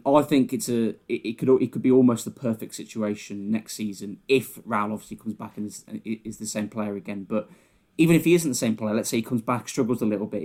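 A man with a fairly low voice talks about football at a brisk clip. He gives earnest opinions and pushes back good-naturedly when his co-host teases him. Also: a little mellow. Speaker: podcast co-host. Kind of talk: casual football podcast chat.

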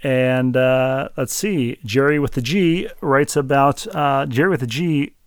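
Relaxed man chatting on a podcast. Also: mid-range voice, unhurried, smooth, no echo, clean studio sound. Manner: relaxed, chatty, playful wordplay. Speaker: podcast co-host. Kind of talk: casual podcast chat reading listener emails.

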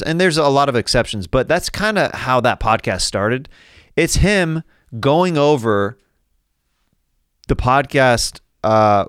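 A man's voice: mid-range voice, no echo, studio quality. A man hosting a casual comedy podcast, rambling and joking and laughing often. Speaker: podcast host.

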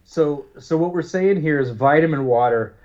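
A man co-hosting a casual podcast, rambling and halting through his points. He fills the gaps with plenty of fillers. His voice sits in a middle range, and the sound is slightly dull and lo-fi. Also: fairly high pitch, a little mellow. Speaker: podcast co-host.

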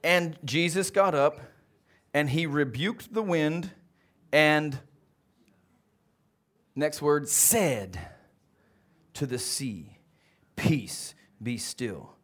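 A male pastor delivers a lively sermon at a church service, firing questions at his listeners and drawing answers back. His voice sits somewhat high for a man. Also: drawn-out words, pauses often. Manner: animated, calls out questions to the congregation.

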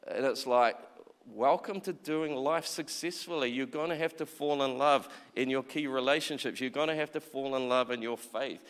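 A man's voice: medium pitch, normal speed, a bit bright, smooth. A man preaching a sermon in a chatty way, often acting out quoted voices and repeating words. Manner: conversational, acts out quoted voices, repeats himself. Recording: long reverb of a large hall.

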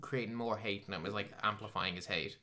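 Guy, podcast co-host, bright edge to the voice, exasperated and sweary film rant. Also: lowish voice, fairly even intonation, fairly quick. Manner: swears a lot, ranting and exasperated. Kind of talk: casual film review chat.

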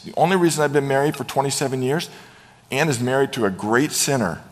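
Middle-aged pastor preaching in a reverberant hall. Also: male voice, mid-range voice, fast. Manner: animated storytelling, acts out quoted voices. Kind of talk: sermon.

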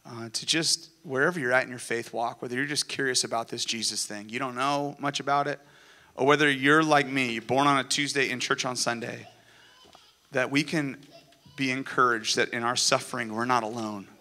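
A pastor preaching to his church, earnest and building to excited peaks. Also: medium pitch, normal speed. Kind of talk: sermon. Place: church sanctuary.

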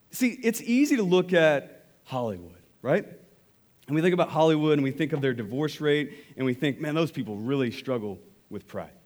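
A man preaching a sermon, telling a personal story in a conversational, animated way before turning to scripture. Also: a little high. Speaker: pastor.

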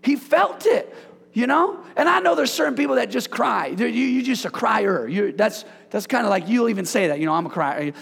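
High gravelly preacher exhorting his congregation. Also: lively intonation, normal speed, fairly bright tone. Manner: exhorting, calls on the congregation to repeat lines. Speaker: pastor. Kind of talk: sermon. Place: church hall. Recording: long hall reverb.

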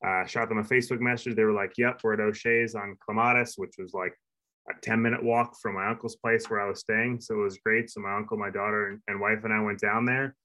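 A man's voice: lowish voice, fairly even intonation, a little fast, bright, forceful tone, rough recording. A man from New York co-hosting a podcast, chatting casually and rambling with many fillers and restarts. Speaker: podcast co-host. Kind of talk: casual chat.

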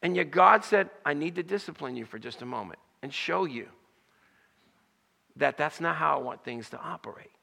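A man preaches a sermon in a high, bright voice. He reads scripture and acts out its quoted lines with rising emphasis. A long reverb hangs around his voice, as in a large hall. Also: expressive, moderate pace, creaky. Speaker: pastor.

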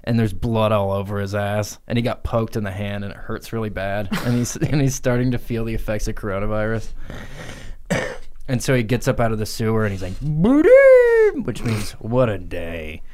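Low-voiced man riffing crude comedy. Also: steady tone, a little fast, darkish tone, slight background noise. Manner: crude, laughing, swearing storyteller. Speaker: podcast co-host. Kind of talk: improvised comedy storytelling.

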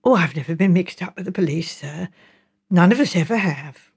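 A fretful village housekeeper, humble and earnest, leaning anxiously on every "sir", as a woman reads her aloud. Her voice rises and falls in lively, worried swings. It is a storybook voice. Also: on the low side, moderate pace, vocal fry, breathy edge, full character voice. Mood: shocked. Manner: earnest, respectful, keeps saying sir.

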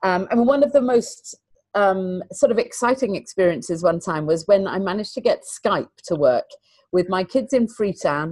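A middle-aged woman, a teacher, talking earnestly in an interview and telling stories with lively, repeated emphasis. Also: lowish voice, no echo. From England. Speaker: teacher and guest. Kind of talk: conversational interview.

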